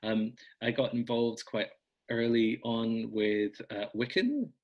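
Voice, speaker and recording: A man's voice: medium pitch, slow pace, lo-fi sound. A man chatting as a podcast guest, rambling and self-deprecating with lots of ums. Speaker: podcast guest, folk magic blogger. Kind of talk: casual interview chat.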